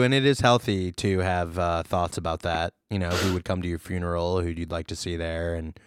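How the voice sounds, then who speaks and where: A man's voice: low voice, a little fast, hardly any pauses, smooth, no room sound, clean studio sound. Jokey male podcast co-host. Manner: jokey, animated, laughs often. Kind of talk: casual chat.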